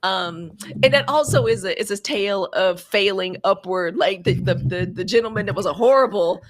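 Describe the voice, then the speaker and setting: A woman's voice: medium pitch, normal speed. Woman co-host, middle-aged, easygoing chat with plenty of laughter. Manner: chatty, laughs often, uses "girl" and "y'all". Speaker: podcast co-host. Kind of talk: casual chat.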